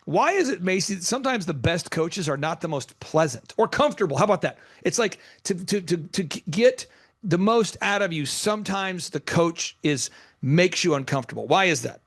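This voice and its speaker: A man's voice: high voice, expressive, normal speed, a bit bright, husky, dry recording. Emphatic, rambling man hosting a coaching show. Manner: rambling, emphatic storytelling with many restarts. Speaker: business coach and show host. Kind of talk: energetic coaching talk.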